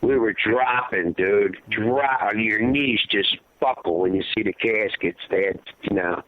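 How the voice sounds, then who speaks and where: A man tells his story down a tinny phone line, with a dry, close sound. He is a grieving father and talks in an impassioned, rambling way. His voice sinks low and heavy when the memories get hard. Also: measured pace, few pauses, no echo. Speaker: guest, father of a fallen soldier. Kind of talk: emotional storytelling interview. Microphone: phone call.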